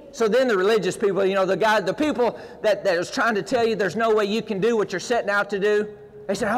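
A man preaching a sermon with passion, folksy stories and rising, near-shouted prayers. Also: sits high, steady tone, brisk, in a large hall, rough recording. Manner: folksy, uses roping and gym stories.

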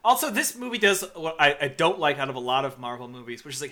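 A man's voice: a little high, fast, hardly any pauses, sharp tone. A young man co-hosting a podcast, chatting casually about a movie, laughing often and swearing. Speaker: podcast co-host. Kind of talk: casual movie-review banter.

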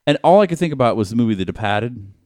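A man from the area chatting casually as a podcast co-host, animated and profane, breaking into high mocking voices when he quotes people. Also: very fast, no room sound. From Boston area, USA. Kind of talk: casual chat.

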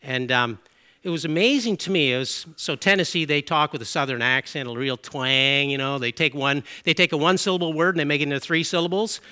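A man's voice: fairly high pitch, fairly quick, pushed and bright, smooth. A middle-aged man from Canada preaching a sermon in an earnest, conversational way, with asides and self-corrections.

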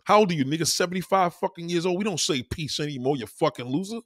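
A man's voice: fairly high pitch, animated, quick pace, no room sound, studio quality. Profane ranting male livestreamer. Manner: loud, insulting, mocking, repeats questions. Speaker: livestreamer reading chat comments. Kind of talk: angry profane live rant.

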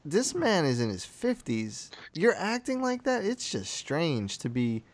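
A man's voice: a little high, huge pitch swings, a little slow, no room sound. A man co-hosting a podcast in casual chat, reacting with joking asides. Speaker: podcast co-host.

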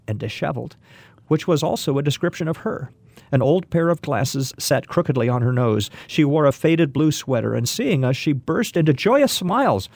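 A man narrating a story in a wry, gently humorous manner. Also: fairly high pitch, dry recording.

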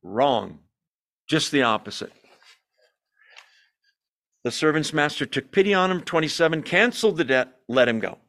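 A man with a somewhat high voice leads an evening Bible study. He teaches with lively emphasis, often stops to put questions to the group, and now and then pokes fun at himself. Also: normal speed, pauses often. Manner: self-deprecating asides.

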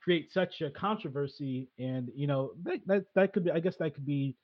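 A fairly high, husky male voice that talks in halting bursts, full of "uh" and restarts, as he hosts a relaxed chat. The recording sounds dull and lo-fi. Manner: hesitant, many fillers and restarts. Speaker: podcast host. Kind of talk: casual chat.

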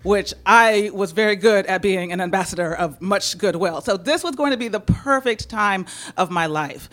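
Animated woman telling a personal story. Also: mid-range voice. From San Francisco, United States. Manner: animated, laughing, acts out quoted voices.

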